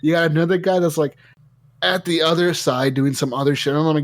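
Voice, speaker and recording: A man hosting a casual gaming podcast, telling stories in an animated way and swearing a lot. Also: a little high, fairly quick, no echo. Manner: animated storytelling, heavy swearing. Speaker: podcast host.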